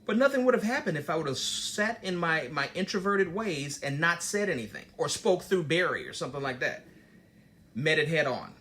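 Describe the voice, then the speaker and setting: A man's voice: on the high side, normal speed, slight background noise. A man hosting his own channel, telling a workplace story in a casual motivational talk and acting out the dialogue as he goes. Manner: storytelling, animated, digresses and acts out dialogue. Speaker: host giving business advice.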